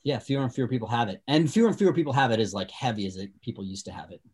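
A man's voice: mid-range voice, lively intonation, racing, darkish tone, slightly rough. Chatty man with a light Boston accent. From Massachusetts. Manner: chatty, explanatory, many fillers. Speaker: former tour guide. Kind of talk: casual chat.

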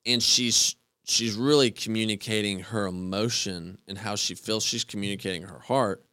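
A man talking as a podcast guest, earnest and halting, often restarting his sentences. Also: on the low side, sharp tone, dry recording, clean studio sound. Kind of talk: casual conversation.

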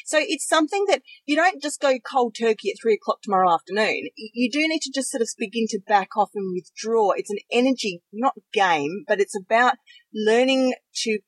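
A middle-aged woman co-hosting a conversational podcast, frank and lively in her talk. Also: a little high, a little fast, no echo, rough recording. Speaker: podcast co-host.

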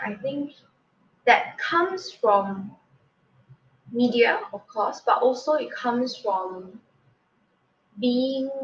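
A woman's voice: medium pitch, fairly bright tone, far from the mic, lo-fi sound, a little hiss or hum. Chatty woman with a lilt. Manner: candid, chatty, drops in "lah". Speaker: podcast co-host. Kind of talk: casual podcast chat.

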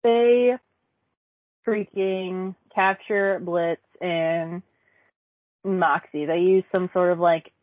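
A woman's voice: on the low side, steady tone, extremely slow, long pauses, no echo. A woman swearing her way through a rambling chat, often losing track of names. Her voice comes through a dry, tinny, phone-like line. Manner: profane, rambling, forgets names. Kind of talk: casual chat reviewing a cartoon episode.

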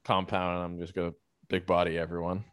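Young male co-host, low voice, dry close mic, loose profane storyteller. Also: monotone, quick pace, a bit bright, clean tone, no echo. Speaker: podcast co-host. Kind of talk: casual chat.

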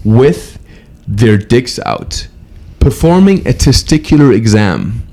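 A man's voice: medium pitch, lively intonation, slow, mellow. A young man hosting a podcast, joking crudely and rambling with restarts in casual chat. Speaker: podcast host.

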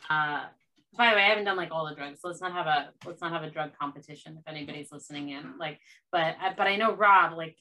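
A woman with a bright, forward voice, chatting casually and hedging her points with "like". She sits away from the microphone, so she sounds a little distant. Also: low-pitched, fast. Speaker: podcast co-host, writer. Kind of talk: casual chat.

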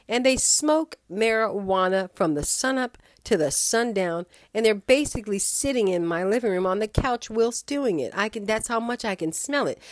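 A woman hosting a podcast, talking in a sassy, animated monologue full of wandering asides. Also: medium pitch, no room sound, studio quality. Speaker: podcast host.

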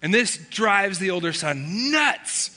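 Bright-voiced pastor preaching in a reverberant hall. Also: male voice, high-pitched, big pitch swings, slow pace. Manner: conversational storytelling, acts out family dialogue. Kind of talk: sermon. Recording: long reverb of a large hall.

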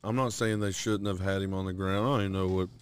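A man's voice: sits low, fairly even intonation, quick pace, a little hiss or hum. A young man co-hosting a casual podcast, laid-back and swearing freely. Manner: laid-back, swears a lot, short replies. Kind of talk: casual chat.

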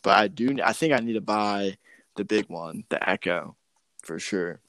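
A man who is a DJ, talking as a guest in a casual conversation, laid-back and hesitant with many pauses. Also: on the low side, a bit bright, no echo. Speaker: DJ and podcast guest.

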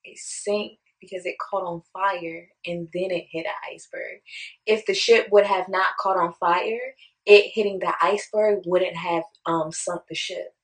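A woman's voice: lowish voice, fairly even intonation, a little slow, slight background noise, low-quality recording. A woman co-hosting a podcast, casual, blunt and joking. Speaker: podcast co-host.

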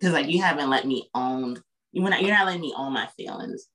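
Here a woman with a deep, slightly bright voice speaks a little fast as a podcast guest. She's earnest and reflective in this casual chat, often checking in with "you know what I'm saying," and the audio is poor.

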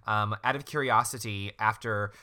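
A man's voice: lowish voice, moderate pace, pushed and bright. A man co-hosting a casual podcast chat, enthusiastic and gushing, with many fillers. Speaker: podcast co-host.

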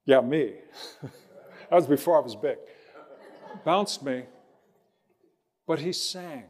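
A man preaching a sermon as a pastor, telling a personal story in a slow, reflective way with pauses, then leading a prayer. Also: a little high, a little mellow, long reverb tail.

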